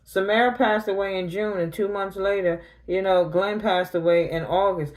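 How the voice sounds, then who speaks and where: A woman's voice: medium pitch, fairly even intonation, moderate pace. A middle-aged woman tarot reader talking on a livestream, grieving and confronting her family directly in casual, emotional speech.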